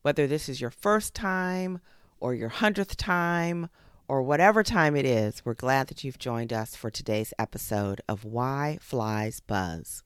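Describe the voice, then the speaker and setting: A podcast host reading a children's fable aloud, expressive and with spoken sound effects. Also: mid-range voice, measured pace, smooth, no echo, studio quality. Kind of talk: storybook narration for children.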